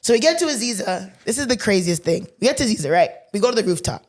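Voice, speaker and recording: A woman co-hosting a podcast who tells a story in casual chat, animated, swearing freely and acting out the dialogue. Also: mid-range voice, quick pace. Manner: animated, swears freely, laughs mid-sentence; acts out quoted dialogue. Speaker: podcast co-host.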